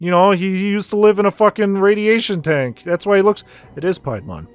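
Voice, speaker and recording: A man's voice: sits high, fairly even intonation, fairly quick, smooth, soft background music. A man streaming a video game, commenting in an offhand, joking way and swearing casually.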